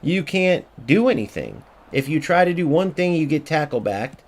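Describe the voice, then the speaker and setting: A man's voice: a little high, big pitch swings, normal speed. A man giving ranting gameplay commentary, angry and profane, repeating himself and mocking other players. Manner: mocking voice when quoting others. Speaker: gaming YouTuber.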